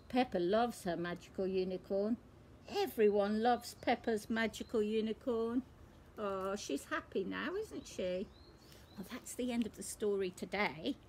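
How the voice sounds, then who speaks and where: A woman from a nursery, reading a picture book aloud to young children, in a warm sing-song manner with questions to the listeners. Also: medium pitch, a little slow, a little hiss or hum.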